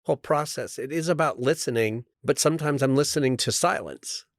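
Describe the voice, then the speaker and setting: A man's voice: mid-range voice, brisk, no room sound, studio quality. A middle-aged man co-hosting a podcast, talking casually and searching for his words. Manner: rambling, searching for words, with laughs and fillers. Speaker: podcast co-host and actor. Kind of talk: casual chat.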